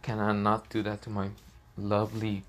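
A man's voice: on the low side, monotone, normal speed, fairly bright tone, a little hiss or hum, close to an everyday voice. A man doing a cocky teenage hero.

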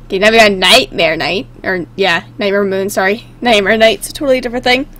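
A woman hosts a gaming video with casual commentary, speaking briskly in a fairly bright, medium-pitched voice. She giggles as she reacts and experiments with silly character voices.

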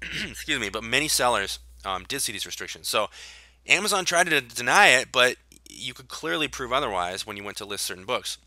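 A man's voice: medium pitch, very animated, fairly quick, sharp tone, no room sound. A man giving a solo explainer talk on selling online, emphatic, with sarcastic asides and repeated key points. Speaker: online seller educator.

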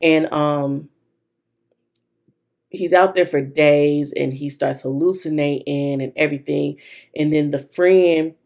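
Low, gravelly woman chatting to viewers. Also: fairly even intonation, takes it slowly, a little mellow. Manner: chatty storytelling addressed to viewers. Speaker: planner vlogger. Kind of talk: casual chat while decorating a planner.

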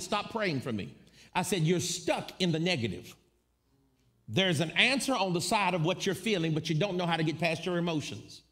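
A man preaching a storytelling sermon, acting out the people in his story as he goes. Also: sits high. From United States. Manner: animated, acts out quoted voices.

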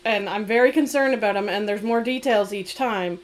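A woman's voice: mid-range voice, moderate pace. A woman hosting a live game stream, chatting casually and telling stories with animation and the odd swear. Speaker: streamer, host.

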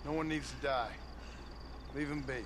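A man's voice: mid-range voice, fairly even intonation, moderate pace, close to an everyday voice. An actor playing a laconic male outlaw gunslinger in a video game, dry and sardonic. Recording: game audio with clear background noise.

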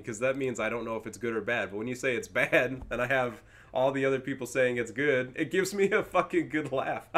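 A young man commentating his own strategy match with a bright, forward tone. He talks casually, swears freely and laughs easily between moves. His pitch sits at an ordinary middle level. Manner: casual, slangy and profane, quick to laugh. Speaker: gaming YouTuber and caster.

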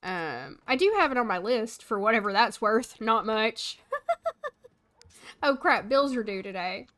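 A young woman talks in an unhurried, fairly high voice with lively intonation and a fairly bright tone. While streaming a life-sim game, she casually instructs her characters and answers her chat as live gameplay commentary.

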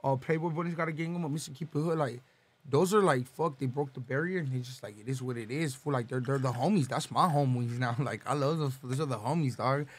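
A young man from Los Angeles, talking casually as a podcast guest, swearing and slangy, reeling off shout-outs. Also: medium pitch, fast talker, husky.

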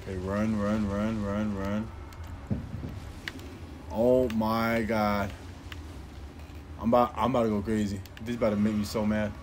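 A man's voice: fairly low pitch, level tone, a little slow, long pauses, noisy background. A young man giving casual, profane commentary while playing a hard game, getting more and more frustrated. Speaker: gameplay streamer.

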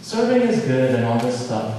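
A man's voice: medium pitch, sing-song, normal speed, dark tone, slight background noise. A male pastor preaching a sermon, pleading with earnest questions to his listeners. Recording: echoey hall from far off.

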